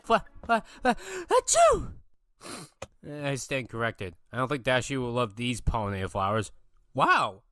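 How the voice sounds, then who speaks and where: Man putting on a cartoon pony voice, prim, chipper, sing-song, wildly swooping pitch, dry. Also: wildly swooping pitch, a little slow, sharp tone, no room sound, full character voice. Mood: chirpy.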